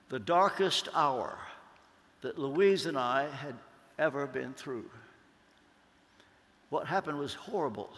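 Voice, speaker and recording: A man preaching a sermon, slow and deliberate, leaning on emphatic pauses. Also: on the high side, a bit bright. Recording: long hall reverb.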